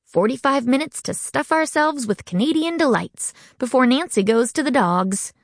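A woman's voice: high-pitched, lively intonation, normal speed, dry recording, studio quality, voice pushed up. A woman voicing a bold, food-loving teenage tomboy who talks with eager emphasis. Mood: excited. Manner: enthusiastic, emphatic.

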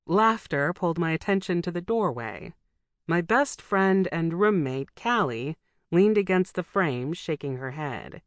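A woman narrates a first-person novel in a steady, intimate way. Her voice sits low for a woman. The recording is dry and close, with no room sound. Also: unhurried, dry recording. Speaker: audiobook narrator.

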